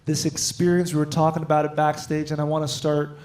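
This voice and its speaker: A man hosting a comedy show on a club stage, shouting to hype the crowd and chatting with fellow comedians. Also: on the high side, level tone, brisk. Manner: loud, shouting emcee. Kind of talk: hyping the crowd, then casual panel chat. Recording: roomy club with crowd noise.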